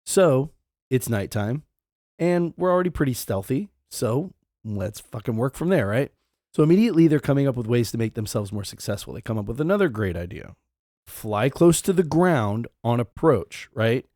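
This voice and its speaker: A man co-hosting a podcast, telling a history story in a casual, profane, animated way. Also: medium pitch, normal speed, no echo, clean studio sound. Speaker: podcast co-host.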